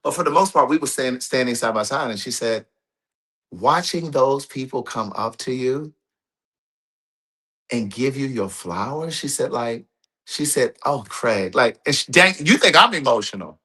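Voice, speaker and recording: A man's voice: medium pitch, expressive, moderate pace, pushed and bright. A man chatting casually with his live-stream audience, telling a long personal story and quoting a friend's words. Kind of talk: casual chat.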